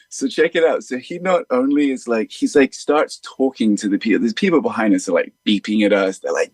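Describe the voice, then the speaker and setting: A man's voice: mid-range voice, normal speed, a little mellow, no echo. A man, a musician guest, telling stories in an earnest, rambling way with many fillers. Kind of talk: reflective storytelling in conversation.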